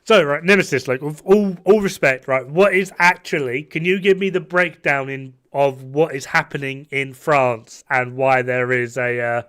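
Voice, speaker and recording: A man's voice: mid-range voice, moderate pace, few pauses, fairly bright tone. A young man streaming a game who talks in a rambling, casual way, swears a lot, and often restarts his sentences. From half Norwegian. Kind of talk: casual chat while gaming, reacting to chat.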